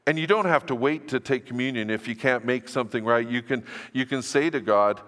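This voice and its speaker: An older pastor preaches to his church in the sanctuary, conversational and earnest, with self-deprecating asides. His mid-range voice is a bit bright and a little fast, and the recording carries echoey hall reverb.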